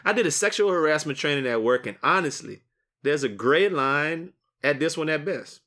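A young man hosting a podcast, chatting in a jokey, animated way with friends, then reading a commentary segment. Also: a little high, moderate pace. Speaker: podcast host. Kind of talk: casual podcast chat and scripted monologue.

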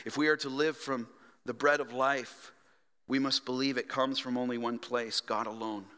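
A male pastor preaching a sermon earnestly, moving from hushed whispers to fervent exhortation. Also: mid-range voice, fairly even intonation, moderate pace, clear, resonant tone. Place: church sanctuary. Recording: reverberant church hall.

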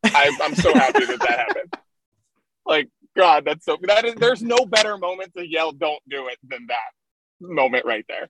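Animated joking man on a call. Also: high voice, rough recording. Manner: animated, joking, playacts others in quick asides. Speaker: podcast co-host. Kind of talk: casual chat. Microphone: video call.

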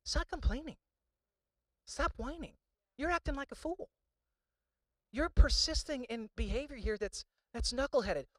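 A man's voice: very high-pitched, a little slow, long pauses, no room sound, pitched above the performer's own voice. A man voicing God as a stern male figure who rebukes a listener with urgent repeated questions. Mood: rebuking.

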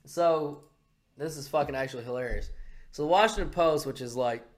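A man hosting a podcast, telling a story in a rambling, animated way with lots of swearing. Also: a little high, brisk. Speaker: podcast host. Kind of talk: casual profane chat.

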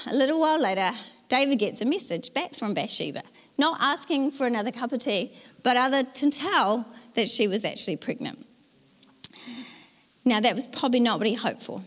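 A woman's voice: fairly high pitch, fairly bright tone. A woman pastor with a New Zealand accent, preaching a sermon in a conversational storytelling way with playful asides. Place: church hall. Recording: church hall with long reverb.

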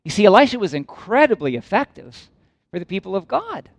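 A man's voice: very animated, brisk, vocal fry, no echo. A man preaching a sermon, reading scripture aloud and driving points home with emphatic repetition. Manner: swings between raised emphatic lines and quiet low asides.

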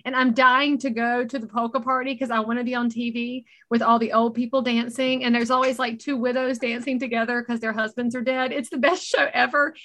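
A woman's voice: fairly high pitch, level tone, a bit bright, slight background noise. A middle-aged woman with a Southern accent, a chatty, joking guest on a talk show. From North Carolina. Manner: chatty, joking, quick asides. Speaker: guest, realtor and speaker. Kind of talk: casual chat.

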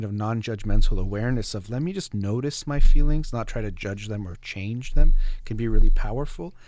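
A man's voice: on the low side, darkish tone, no room sound. A man, a therapist hosting a conversation, explaining ideas in an earnest, explanatory way. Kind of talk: casual conversation.

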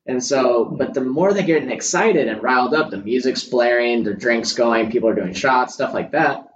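A man's voice: mid-range voice, moderate pace. A young man who is a photographer, chatting casually and candidly, swearing freely as he tells his stories. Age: young adult. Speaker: guest photographer. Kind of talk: casual podcast chat. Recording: roomy, distant, dull lo-fi sound.

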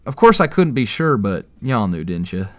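A man's voice: fairly low pitch, big pitch swings, normal speed, no echo. A man voicing a smug male train guard who pries with a mocking, casual tone. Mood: needling.

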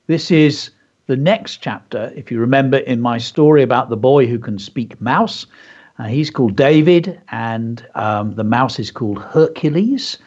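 Heard through muffled, lo-fi radio audio, a medium-pitched man with a darkish tone hosts a lesson for kids. A teacher and radio presenter, he reads his story aloud and keeps interjecting with chatty, enthusiastic remarks.

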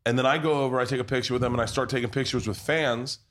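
A man's voice: mid-range voice, fairly even intonation, racing, fairly bright tone. Rowdy, swearing storyteller man. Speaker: podcast host. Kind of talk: casual chat. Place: pub.

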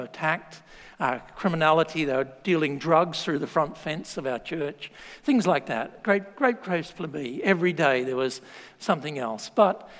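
Aussie guy preaching, fairly high voice, long reverb, chatty and jokey. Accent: Australian. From Australia. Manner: lively storytelling with laughs and asides. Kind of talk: sermon.

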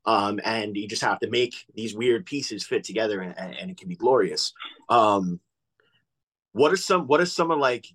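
Rambling, reflective radio co-host. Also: male voice, on the low side, animated, moderate pace, a bit bright, poor audio. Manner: rambling and reflective, many fillers. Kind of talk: casual radio chat.

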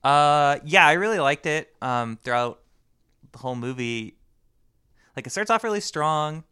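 Bright lively young man chatting. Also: a little high, measured pace, clear, resonant tone. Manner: laughs often, rambling with fillers. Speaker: podcast co-host. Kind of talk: casual chat.

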